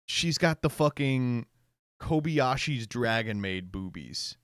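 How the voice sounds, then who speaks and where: A man riffs sarcastically through online posts on a stream, laughing often and reading lines aloud. His pitch swings widely and his voice sounds smooth and resonant. The sound is close and dry. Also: expressive, slow pace, a bit bright, no room sound. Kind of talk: casual stream commentary.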